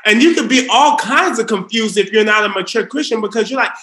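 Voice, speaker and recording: A man preaching in an earnest sermon style, dropping to a hush for emphasis. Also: sits high, fairly quick, hardly any pauses. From Southern US. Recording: roomy echo.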